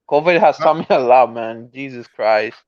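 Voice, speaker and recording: A man's voice: mid-range voice, slow pace, no room sound, lo-fi sound. A male guest in casual chat, rambling with restarts and often asking if he is understood.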